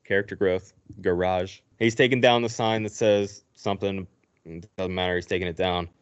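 Brief: low-voiced male host, chatty film recap, dull lo-fi sound. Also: brisk, clean tone. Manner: animated retelling, acting out characters' lines. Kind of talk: casual movie recap. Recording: dull lo-fi recording.

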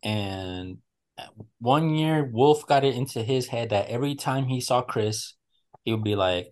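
Casual male podcast host, mid-range voice, lively profane storyteller who plays out other people's lines. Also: mid-range voice, measured pace. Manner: animated storyteller, heavy swearing, acts out friends' lines. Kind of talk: casual chat.

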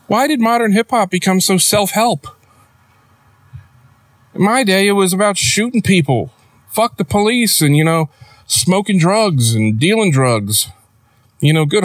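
A man hosting a comedic podcast in a rambling, deadpan, sardonic monologue, recorded near a road. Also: high voice, no echo. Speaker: podcast host. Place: outdoors near a road with passing trucks.

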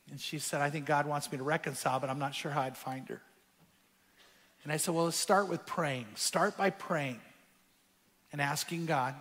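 A man preaching in a large church hall, his fairly high, bright voice carrying a long reverb. He tells a story, dropping to a hush and then rising to emphatic points, with soft music underneath. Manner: storytelling, shifting from hushed to emphatic. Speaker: pastor. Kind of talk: sermon.

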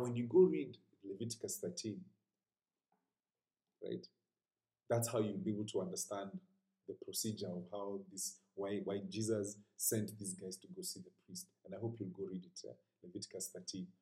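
Preacher, male, earnest and conversational, low mellow voice, echoey room. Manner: earnest, conversational, dropping to a hushed whisper at times. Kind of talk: sermon.

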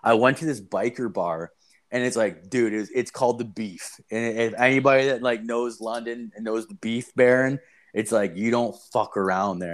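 Young adult male podcast host; casual, profane storyteller, mid-pitched, animated when quoting. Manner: rambling, profane, animated retelling with quoted voices.

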